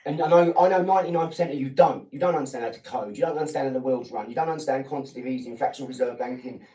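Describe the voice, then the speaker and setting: An Englishman in his 40s rants through a combative live-stream monologue, lecturing and talking down to his viewers. His mid-range voice is mellow and he speaks very fast. He's off-mic in an echoey kitchen, so the sound is distant and reverberant.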